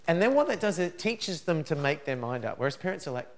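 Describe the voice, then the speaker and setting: Animated man giving a parenting seminar. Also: high voice, unhurried, pauses often. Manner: animated, acts out parent and child lines. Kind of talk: seminar talk with acted examples. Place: room with a live audience.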